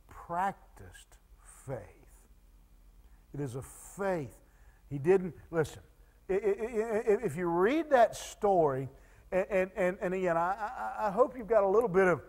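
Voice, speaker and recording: A male pastor preaching with a very high voice. He stammers through restarts and swings between loud urgency and hushed, quiet lines. Plain sermon delivery from the pulpit.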